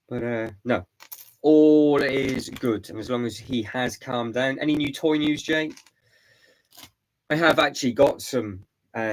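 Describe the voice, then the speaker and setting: A man hosting a casual live stream, hoarse and stuffy from hay fever and a lost voice, rambling and repeating his words as he answers chat. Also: mid-range voice, rough recording. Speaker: vlog host doing a live stream.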